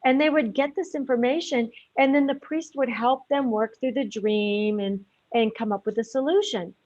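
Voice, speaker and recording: A woman hosts a radio interview, speaking in a measured, explanatory way. Her voice sits a little high. The sound is dry and close, with slightly muffled audio. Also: a little mellow, no echo. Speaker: host.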